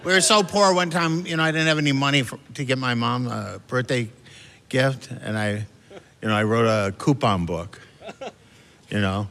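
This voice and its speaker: A man performing a stand-up routine with wry, deadpan family stories and lively mimicry of his relatives. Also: mid-range voice, normal speed. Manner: wry, deadpan storytelling that jumps into family voices. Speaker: stand-up comedian. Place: large theater stage with a laughing audience. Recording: long hall reverb, clear audience noise.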